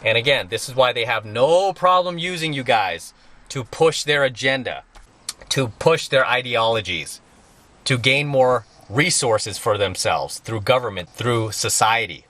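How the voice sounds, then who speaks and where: A man's voice: mid-range voice, animated, measured pace, pushed and bright. A middle-aged man giving a blunt, emphatic monologue as a dating coach, repeating his points for stress. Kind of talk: opinionated monologue to viewers.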